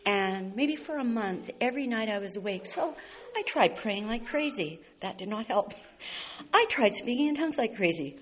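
Sharing her personal testimony of faith, this woman from Canada uses an expressive mid-range voice at a moderate pace, tearful yet laughing through it with heartfelt earnestness. Faint hiss sits under a slightly dull recording.

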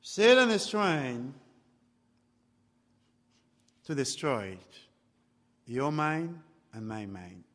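A man preaching a sermon, speaking slowly and deliberately and rising into loud exclamations. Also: mid-range voice, sing-song, long reverb tail. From outside Canada.

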